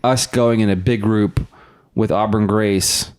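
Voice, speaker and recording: A man's voice: fairly low pitch, fairly even intonation, a little slow, darkish tone, smooth. Laughing young man telling stories. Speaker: podcast guest. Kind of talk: casual storytelling.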